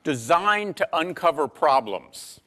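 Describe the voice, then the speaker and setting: A man giving a university lecture in a lecture hall, measured and dry-humored, with frequent ums and uhs. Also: a little high, expressive, bright, forceful tone. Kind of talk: classroom lecture.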